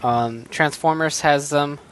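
A man's voice: fairly high pitch, slow pace, fairly bright tone. A man co-hosting a casual podcast, laid-back and rambling, with frequent ums while going through news. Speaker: podcast co-host. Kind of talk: casual chat.

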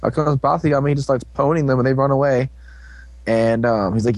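Joking and rambling through an episode recap, a young male podcast co-host slips into silly character voices. His voice is medium-pitched and darkish, fairly quick, with no echo.

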